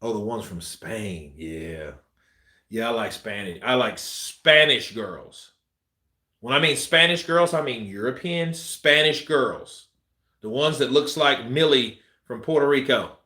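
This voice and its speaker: A man's voice: medium pitch, measured pace, sharp tone. A man hosting a boxing live stream, reading viewer comments in a loose, joking way and laughing often. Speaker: boxing channel host. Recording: roomy echo.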